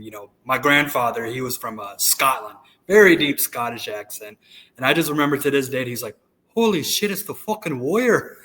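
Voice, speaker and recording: A man's voice: mid-range voice, bright, forceful tone, poor audio. Candid, rambling man telling stories. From United States. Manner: candid, profane, rambling anecdotes. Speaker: podcast guest, wrestler. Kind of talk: casual storytelling chat.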